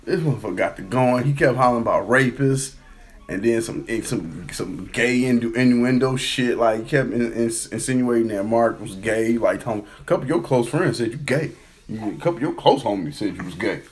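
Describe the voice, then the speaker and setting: A man hosting a podcast, telling a story in casual chat and acting out the quotes in a loud, high voice. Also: fairly quick. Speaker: podcast host.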